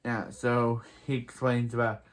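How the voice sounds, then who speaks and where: A man's voice: mid-range voice, flat delivery, unhurried. A man recapping a TV episode in a casual, rambling way, with many restarts and filler words. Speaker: show reviewer.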